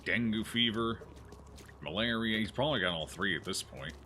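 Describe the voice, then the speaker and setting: Deep-voiced man joking through a game. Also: expressive, moderate pace, sharp tone. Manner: joking, thinks aloud, reads game text. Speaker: gaming streamer. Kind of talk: casual let's-play commentary.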